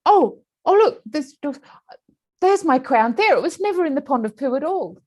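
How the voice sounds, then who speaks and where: A woman's voice: high-pitched, normal speed, voice pushed up, close to an everyday voice. A woman voicing a stubborn, desperate person drowning in a pond, pleading and wailing for help. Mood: excited.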